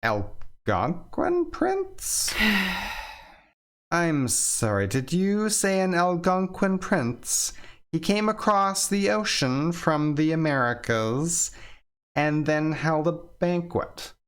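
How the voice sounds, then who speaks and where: Overdone russian accent, curious woman writer, put on by a man, high and clumsy, amateur game voice. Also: animated, slow, fairly bright tone. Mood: suspicious. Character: nosy foreign woman author, interviewing.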